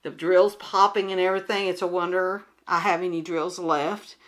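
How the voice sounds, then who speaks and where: A woman's voice: lowish voice, little pitch movement, normal speed, a bit bright. A woman chatting casually and rambling at home as she shows her craft projects, with many restarts and fillers. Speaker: craft vlogger. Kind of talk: casual chat while showing crafts.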